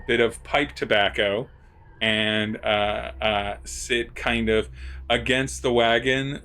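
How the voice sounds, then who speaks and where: A man narrating a tabletop game as game master, halting and full of filler words. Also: fairly low pitch, a bit bright, slight background noise.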